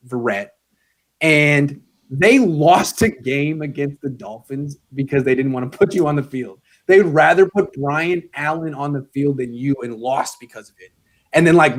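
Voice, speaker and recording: A man with a fairly high voice chats on a sports podcast. He talks to players as if they sat across from him, blunt and sarcastic as he hands out grades. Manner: blunt, sarcastic, grading players as if addressing them. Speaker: guest sports commentator. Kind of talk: casual podcast chat.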